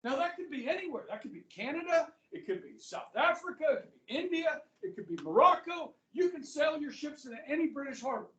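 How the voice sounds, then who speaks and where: A man's voice: very high voice, animated, a little fast, few pauses, sharp tone, far from the mic. A male history teacher lecturing a class in a casual, conversational way, often checking in with "okay" and "guys". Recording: echoey classroom, voice from afar.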